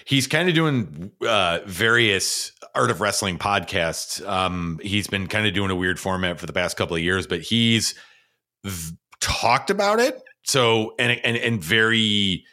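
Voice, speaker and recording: A man co-hosting a podcast, chatting in an excitable, rambling way with lots of fillers. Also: lowish voice, measured pace. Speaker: podcast co-host. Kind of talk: casual chat.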